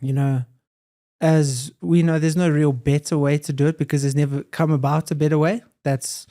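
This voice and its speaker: Earnest man, soft warm tone. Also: fairly high pitch, flat delivery, normal speed. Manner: reflective, earnest, repeats phrases. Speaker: podcast guest, hybrid athlete. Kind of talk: casual conversation.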